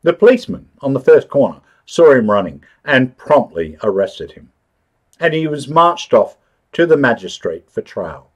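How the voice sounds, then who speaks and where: A man reading a children's-style story aloud for English learners, expressive and clear. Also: mid-range voice, normal speed. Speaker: story narrator.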